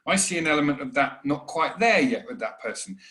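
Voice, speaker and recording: A man's voice: fairly high pitch, expressive, sharp tone. A middle-aged man, talking earnestly in an interview, often restarting his sentences. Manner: earnest, halting, many restarts, mimics voices. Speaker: interview guest. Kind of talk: reflective conversation. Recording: roomy echo.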